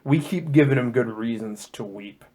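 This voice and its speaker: A man hosting a podcast, talking through a Bible passage in a casual, animated, jokey way, often restarting and repeating words. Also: medium pitch, moderate pace. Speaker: podcast host.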